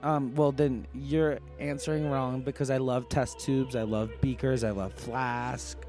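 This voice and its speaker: A man's voice: medium pitch, level tone, unhurried, over music. A man in casual podcast chat, talking in an exasperated, profane way and often breaking into laughter. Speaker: podcast co-host.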